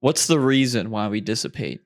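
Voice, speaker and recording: A man's voice: mid-range voice, brisk. A young man co-hosting a podcast, chatting casually and spinning silly scenarios. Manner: joking, spins silly scenarios. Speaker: podcast co-host. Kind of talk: casual chat.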